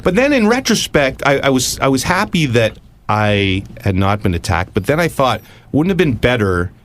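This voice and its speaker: A man hosting a podcast, telling lively anecdotes in casual chat and acting out what people said. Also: lowish voice, moderate pace, slight background noise. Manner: animated storyteller, acts out quotes. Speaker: podcast host.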